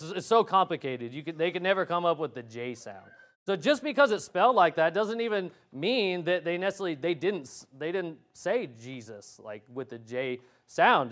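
A man delivers a sermon in a slightly higher voice. He talks emphatically, asks rhetorical questions, and often restarts his sentences. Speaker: preacher.

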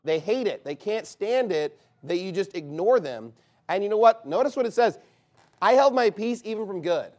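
A man preaching a fiery, scornful sermon as pastor of a church, with sudden loud bursts. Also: sits high, sing-song, normal speed.

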